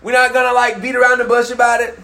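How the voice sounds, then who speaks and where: High-voiced man joking with a crowd. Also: fast talker. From Memphis. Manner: candid, joking, lively slang. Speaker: youth speaker. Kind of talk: frank talk to a live group. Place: room with a live audience.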